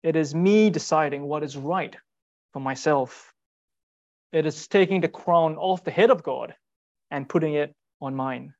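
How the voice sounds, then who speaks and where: A man giving a sermon in an earnest, rhetorical way, repeating short phrases and pausing for weight. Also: a little high, vocal fry, darkish tone, lo-fi sound. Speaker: speaker giving a Bible talk.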